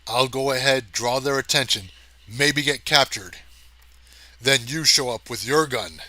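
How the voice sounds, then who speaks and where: A man voicing a burly, brash male space ranger who talks loud and gruff. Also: mid-range voice, a little slow, dry recording. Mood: gruff bluster.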